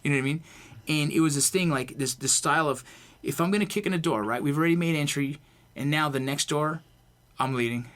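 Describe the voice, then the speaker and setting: A man with a slightly high, brisk voice speaks as a guest on a casual podcast, a veteran turned actor based in Los Angeles. He tells his stories with intense, animated energy and swears freely throughout.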